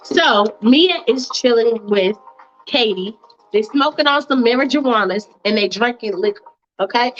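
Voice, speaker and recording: A woman's voice: fairly high pitch, animated, unhurried, muffled recording, faint music behind. Chatty woman telling a story. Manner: chatty, playful, slangy. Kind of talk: casual storytime narration.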